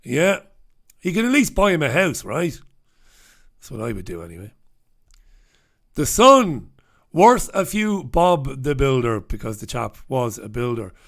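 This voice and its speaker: A man's voice: mid-range voice, sing-song, unhurried, gravelly, pauses often, fairly bright tone. A man hosting a casual newspaper review, chatty and irreverent, swearing and laughing at his own jokes. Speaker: host.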